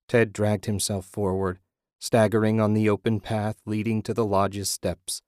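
A man narrating a horror story in a steady, measured reading. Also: fairly low pitch, no room sound, clean studio sound.

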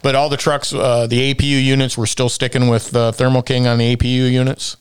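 A man's voice: medium pitch, flat delivery, fast talker, smooth, dry recording, studio quality. A man hosting a casual work chat, rambling through stories and asking many questions. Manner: chatty, rambling, asks lots of questions.

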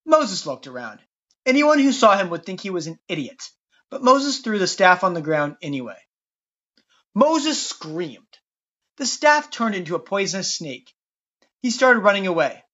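A podcast narrator telling a Bible story in a wry, lively scripted way, on a dull lo-fi recording. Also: medium pitch, normal speed.

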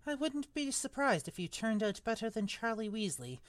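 A woman voicing an eager teenage boy who captains a sports team, speaking low and quietly for a storybook read-aloud. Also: sing-song, normal speed, no echo.

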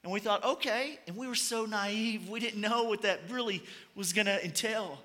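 A high, bright male voice, preaching a sermon in a relaxed storytelling manner with light humor. His words carry a long hall reverb, as if from a church auditorium. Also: moderate pace. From Kentucky. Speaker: pastor.

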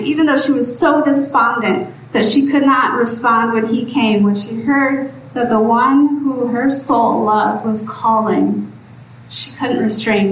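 A woman preacher giving a sermon in an earnest, pleading way that rises to exhortation. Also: on the high side. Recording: echoey room from far off, faint background noise.

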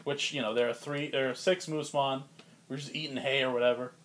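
A man's voice: mid-range voice, fairly even intonation, brisk. A man narrating as game master of a comedic tabletop game, loose and laughing, with lots of fillers.

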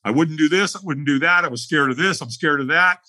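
A middle-aged man with a husky, bright-edged voice, fairly high for a man. He tells stories animatedly as a podcast guest, acting out both sides of the conversations. The sound is dry and close to the mic. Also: fairly quick, dry recording. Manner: animated storyteller acting out dialogue. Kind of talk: podcast interview storytelling.

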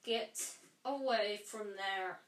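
Woman voicing a pompous prefect boy, scolding, slow, echoey room. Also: high-pitched, lively intonation, fairly bright tone, recorded from a distance, pitched above the performer's own voice.

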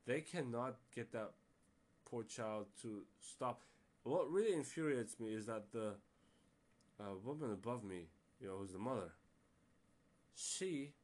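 A man hosting a casual solo podcast, rambling with many fillers and restarts and sounding exasperated. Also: lowish voice. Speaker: podcast host.

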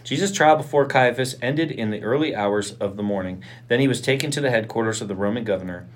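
A man co-hosting a podcast, reading a Bible passage aloud in turns with a measured delivery. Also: mid-range voice. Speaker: podcast co-host reading scripture.

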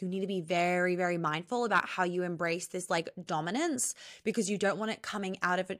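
A woman's voice: lowish voice, a bit bright. Chatty woman podcast host, swearing freely. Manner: chatty, rambling, frequent swearing and "like" fillers. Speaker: podcast host and relationship coach. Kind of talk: casual podcast monologue.

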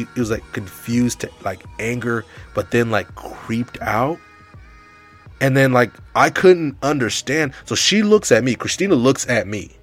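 Rambling young man telling a story. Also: mid-range voice. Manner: rambling, animated, heavy use of filler words. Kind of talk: casual comedic storytelling.

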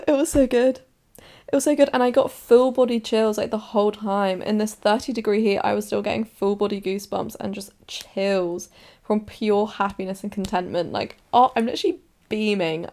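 Young woman, podcast host, casual rambling chat, slight vocal fry. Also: mid-range voice, darkish tone. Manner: chatty, gushing, full of "like" and restarts.

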